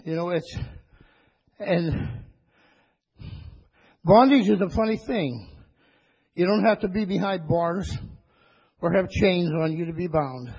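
A man preaching a sermon to his church, rising into high, excited bursts and calling for amens. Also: slow, long pauses, slightly rough. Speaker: pastor. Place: church sanctuary. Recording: dull lo-fi church recording with long reverb.

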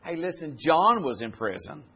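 A man preaching a sermon, retelling scripture in plain folksy speech and building to loud, climbing exhortation. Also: fairly high pitch, sing-song, normal speed, husky.

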